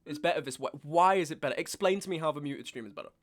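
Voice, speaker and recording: Twenty-something male streamer, casual and exasperated, voice on the higher side, ranting and repeating himself to chat. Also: rapid-fire. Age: 20s. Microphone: webcam setup at home.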